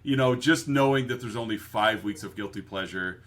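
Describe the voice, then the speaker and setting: A man's voice: lowish voice, moderate pace, a bit bright. A man co-hosting a podcast in casual chat, laughing often and quoting movies. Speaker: podcast co-host.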